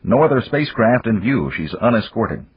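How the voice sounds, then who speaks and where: A man voicing a gruff, decisive male astronaut leader who speaks curtly. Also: medium pitch, big pitch swings, moderate pace, dry recording, voice pushed up. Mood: firm. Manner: gruff, curt. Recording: dull lo-fi dry recording.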